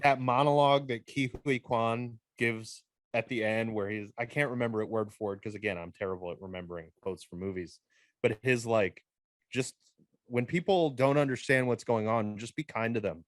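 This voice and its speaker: Male co-host, mid pitch, dry close sound, relaxed and reflective. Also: moderate pace, no room sound. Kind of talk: casual chat.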